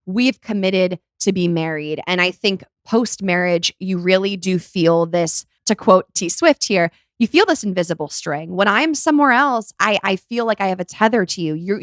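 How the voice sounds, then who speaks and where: A woman's voice: fairly low pitch, no echo, clean studio sound. A young woman hosting a podcast, chatting casually and acting out quoted voices as she talks. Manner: chatty, animated, quick to act out quoted voices. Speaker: podcast host. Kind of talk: casual chat.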